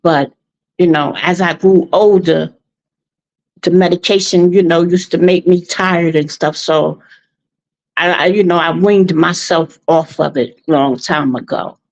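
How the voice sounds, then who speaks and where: Slow, halting woman caller. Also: lowish voice, steady tone. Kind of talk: call-in commentary. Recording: muffled call-in line.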